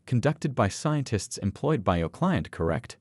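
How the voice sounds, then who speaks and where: A man voicing a calm, precise female supreme court justice who speaks in a measured, professional way. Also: mid-range voice, no echo.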